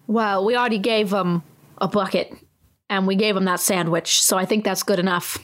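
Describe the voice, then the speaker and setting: A lazy castle kidnapper, played by a woman in an improv scene, shrugs off every task. The voice has a middle pitch, and the delivery is dry and offhand. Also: steady tone, normal speed, lightly acted.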